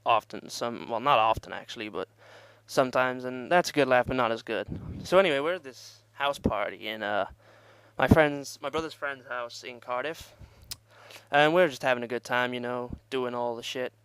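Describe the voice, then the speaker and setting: A man's voice: mid-range voice, normal speed, a bit bright, clear, resonant tone, no room sound. A young man telling a rambling, profane party story in casual vlog style and laughing at himself. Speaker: vlogger.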